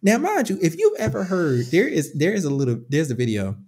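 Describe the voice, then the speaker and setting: Animated, laughing woman podcast co-host. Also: sits low, brisk, husky. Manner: animated, profane, laughing storyteller. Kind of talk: casual chat.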